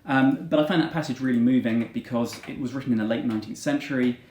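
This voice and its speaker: A man's voice: medium pitch, fast, darkish tone, reverberant, slight background noise. A man teacher giving a dramatic reading of a classic novel, putting strong emphasis on the characters' lines.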